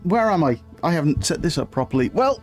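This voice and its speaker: A man's voice: a little high, very animated, a little fast, soft background music. A man live-streaming a video game, chatting in a rambling, scatterbrained way and greeting viewers. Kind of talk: live-stream gameplay chat.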